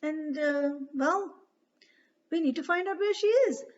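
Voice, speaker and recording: A woman voicing a calm, wise old father figure who speaks mildly and reassuringly, on a dull, distant recording. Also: high voice, unhurried, pitched above the performer's own voice.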